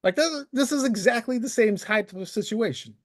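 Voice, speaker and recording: A man's voice: sits high, moderate pace. A man in his thirties, a channel host, delivering an angry, sarcastic, profane solo rant to camera into a desk microphone. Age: 30s. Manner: heated, sarcastic, profane, very animated.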